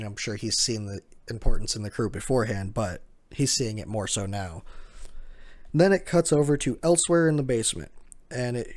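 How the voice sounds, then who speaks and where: A man casually narrating a manga chapter recap, with chatty fillers and asides. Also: mid-range voice. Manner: chatty, chuckling, filler words.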